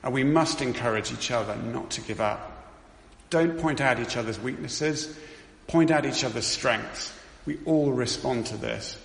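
A man's voice: medium pitch, measured pace, creaky. Earnest man preaching in an echoey hall. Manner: earnest storytelling with many restarts. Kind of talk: sermon testimony. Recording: roomy hall with long reverb.

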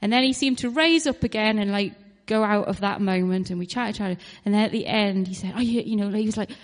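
A woman's voice: mid-range voice, brisk, in a large hall. Hesitant woman sharing a testimony in church. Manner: hesitant, many fillers, grows animated. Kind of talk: spontaneous testimony. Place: church hall.

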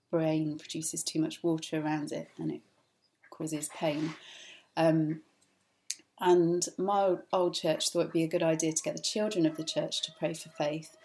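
A woman's voice: low voice, darkish tone. A woman giving an informal church teaching talk. She speaks earnestly and conversationally, with many filler "ums".

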